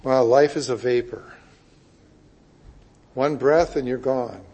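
A man preaching a sermon, reading scripture and explaining it with emphatic swings between loud declarations and hushed asides. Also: mid-range voice, takes it slowly, breathy edge.

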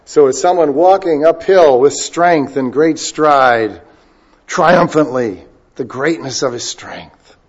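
A male preacher giving a sermon, moving between loud emphasis and quiet asides and stretching key words out slowly. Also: fairly high pitch, slightly rough. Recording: dull lo-fi recording.

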